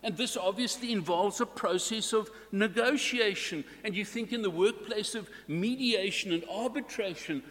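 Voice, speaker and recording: A man preaching a sermon to his congregation in a slow, deliberate way, stressing key words. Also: high voice, fairly bright tone, big-room sound.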